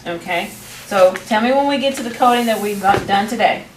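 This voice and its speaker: A woman's voice: medium pitch, a little fast. A woman, teaching a classroom phonics lesson, patiently prompting her students and restarting phrases. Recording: roomy, distant, faint background noise.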